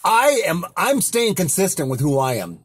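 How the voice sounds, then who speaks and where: Man ranting, heated and profane, animated delivery, faint car noise. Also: high-pitched, normal speed. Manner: heated, profane, repeats himself. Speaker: vlogger. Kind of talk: angry ranting monologue. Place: inside a car.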